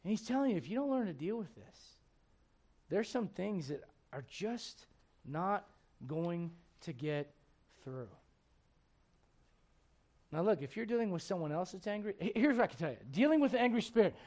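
Before a church congregation, a male preacher gives a rousing sermon in a sing-song voice that sits high and has a darkish tone. He speaks at a moderate pace with long pauses and often poses questions to the listeners.

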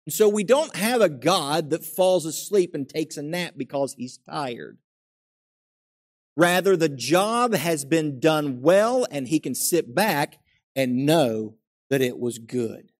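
A middle-aged man preaches a conversational sermon at a slow pace, animated in delivery, his voice a little high. He questions his congregation and acts out everyday quotes.

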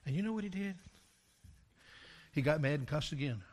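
An older man preaching a sermon, telling a story from his years as a pastor and rising to loud, emphatic climaxes. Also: fairly high pitch, lively intonation, moderate pace.

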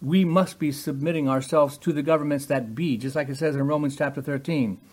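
A man preaching a sermon with emphatic delivery that rises in pitch and volume on key points. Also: fairly quick, a little mellow.

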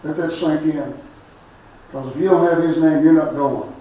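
A man preaching a funeral sermon, loud and fervent, with drawn-out lines. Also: fairly high pitch, fairly even intonation. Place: church or funeral hall. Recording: echoey room from far off.

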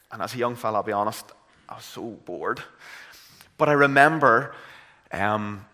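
A man's voice: medium pitch, bright, forceful tone. A man with a Northern Irish accent delivers a sermon in a mid-range voice. He speaks earnestly and rises to fervent emphasis on key points. A long reverb from the church hall trails behind his words. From Northern Ireland. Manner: earnest, builds to impassioned emphasis. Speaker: preacher.

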